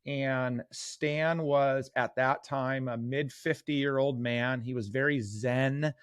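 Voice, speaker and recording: A man in his forties speaks as a podcast interview guest, earnest and self-deprecating as he tells stories. His voice sits at a middle pitch. The sound is dry and close, with no room echo. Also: fairly even intonation, slow, smooth. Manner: earnest, self-deprecating storyteller with frequent fillers. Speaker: guest sales coach.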